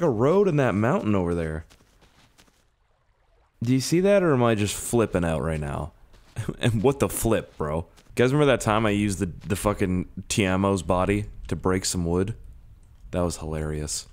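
A young man commentating his gameplay, rambling and swearing, with sudden yelling bursts and a voice hoarse from screaming. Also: lowish voice. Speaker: gaming YouTuber. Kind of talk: casual let's-play commentary.

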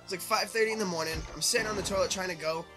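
A man's voice: high-pitched, racing. A young man telling a rambling, profanity-laced story in casual chat during a game playthrough. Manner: animated storyteller, heavy swearing, acts out quotes. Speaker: co-host of a gaming playthrough. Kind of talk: casual chat while gaming. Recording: game music playing behind.

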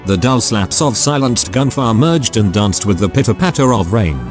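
A synthetic male voice narrating a story, low in pitch but swinging widely in intonation. Faint music plays underneath. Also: moderate pace. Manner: flat synthetic delivery. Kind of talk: text-to-speech story narration.

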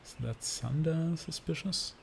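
Male streamer, slow and gravelly, sarcastic gameplay asides. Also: on the high side, a little hiss or hum. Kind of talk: casual gameplay commentary.

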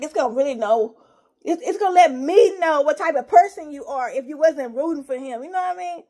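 A woman's voice: high-pitched, animated, brisk, mellow. A woman vlogger in casual chat to camera, emotional and gushing, rambling with many fillers as she talks straight to her viewers.

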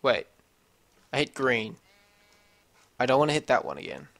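Very animated and creaky, his medium-pitched, fairly bright voice moves at a moderate pace. The man rambles through casual let's-play commentary at his home computer, swearing frequently and chatting to himself as he plays.

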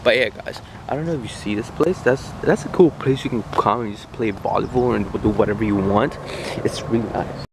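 A young man casually vlogging outdoors by the water in light rain, talking excitedly and slangily straight to his viewers on a handheld phone. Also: on the low side, a little fast. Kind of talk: casual outdoor vlog chat. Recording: outdoor phone audio with street noise.

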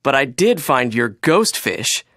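A storybook reader voicing a curious, brave young boy clownfish with an eager, bright manner. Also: mid-range voice, sing-song, measured pace, no echo, clean studio sound. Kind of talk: children's storybook reading.

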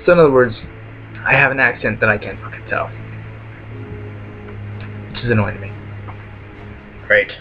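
A man's voice: mid-range voice, normal speed, long pauses, highs cut off, over music. A man giving casual let's play commentary at home, rambling through lots of ums and swearing constantly.

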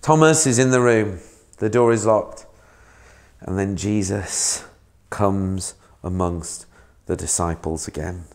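A man's voice: sits low, slow. A man, a minister giving a sermon in a conversational way, asking the listener questions.

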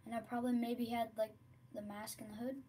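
A woman giving casual, rambling commentary while streaming a video game, often dropping to quiet mutters. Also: a little high, flat delivery, a little fast, slightly rough. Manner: chatty, rambling, drops to mutters.

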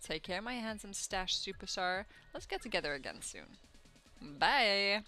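A woman's voice: medium pitch, lively intonation, a little slow, sharp tone, faint music behind. A woman voicing a flirtatious, sly female mouse thief in a video game. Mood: flirty. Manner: teasing, flirtatious.

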